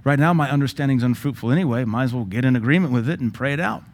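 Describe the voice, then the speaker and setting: Racing along at a medium pitch, this male pastor keeps his sermon teaching lively and full of jokes, occasionally slipping into prayer in tongues.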